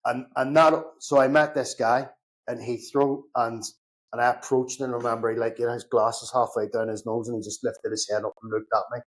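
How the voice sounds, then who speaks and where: Belfast man telling animated war stories. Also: medium pitch, brisk. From Northern Ireland. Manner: animated anecdotes, acts out both sides of conversations, swears casually. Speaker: podcast guest, security consultant. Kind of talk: casual storytelling chat.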